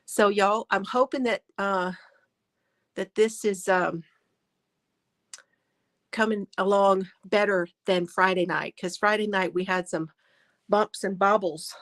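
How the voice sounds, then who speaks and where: Slow-talking woman chatting on a livestream. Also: mid-range voice, steady tone. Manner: chatty, greets viewers by name, laughs often. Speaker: crochet livestream host. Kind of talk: casual livestream chat. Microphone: phone.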